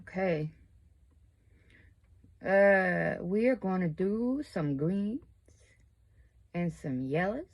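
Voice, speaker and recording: Rambling woman in her fifties, low voice. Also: takes it slowly, long pauses, slight background noise. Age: 50s. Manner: rambling, chatty, self-deprecating. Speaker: crochet and makeup vlogger. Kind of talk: casual chat while getting ready. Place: at home.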